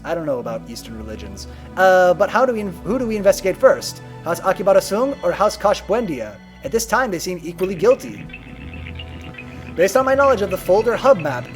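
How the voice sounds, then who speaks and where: A man with a high, slightly worn voice streams a video game live, chatting casually, reading the game text aloud, and humming to himself.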